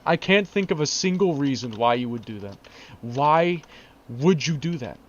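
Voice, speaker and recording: A man's voice: medium pitch, lively intonation, normal speed. A man in a casual vlog, ranting in exasperated disbelief, repeating himself and laughing. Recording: dull lo-fi recording.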